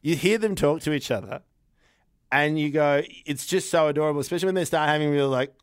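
A man in his thirties chatting casually on a podcast about his children, animated and laughing often. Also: a little high, quick pace, clean tone, dry recording, studio quality. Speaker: podcast guest, father. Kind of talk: casual chat.

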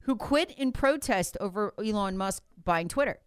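A woman's voice: medium pitch, animated, normal speed, smooth, no echo. Emphatic woman, close dry mic. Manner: emphatic, repeats points, acts out others' voices. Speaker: political commentator guest. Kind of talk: animated political talk.

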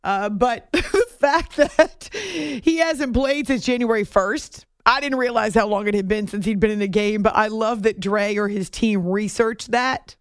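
A woman's voice: on the high side, measured pace, no echo, studio quality. A woman hosting a sports talk segment, chatty and wry, commenting on basketball news. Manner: chatty, wry, laughs between points.

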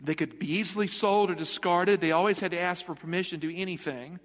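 High-voiced pastor preaching in a reverberant hall. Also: male voice, fairly even intonation, fast. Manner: emphatic, with rhetorical questions to the congregation. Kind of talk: sermon. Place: church sanctuary.

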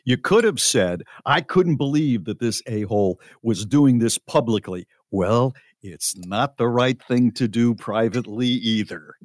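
A man's voice: medium pitch, animated, unhurried, hardly any pauses, no room sound, clean studio sound. A male host chatting casually and reacting supportively to a guest's story. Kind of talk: casual interview chat.

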